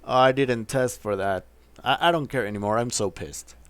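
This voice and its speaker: A man's voice: medium pitch, normal speed, fairly bright tone, clear, resonant tone, dry recording. A man streaming a video game, talking to himself and his chat in a frustrated, repetitive way. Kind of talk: casual live gameplay commentary.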